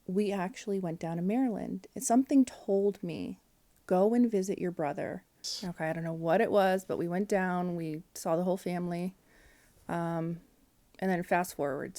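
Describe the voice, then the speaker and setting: A woman's voice: fairly low pitch, dark tone. A woman in her forties candidly telling an emotional personal story as a podcast guest, with fillers and quoted dialogue.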